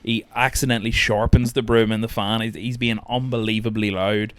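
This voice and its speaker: A man hosting a casual podcast chat, laughing often, swearing freely and retelling scenes with animated energy. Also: fairly low pitch, brisk, clear, resonant tone, no room sound. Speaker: podcast host.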